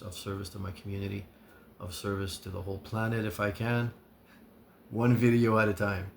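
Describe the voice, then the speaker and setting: A man giving an earnest advice monologue as a recovery vlogger, sincere and measured, listing his points with pauses. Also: fairly low pitch, vocal fry, slight background noise.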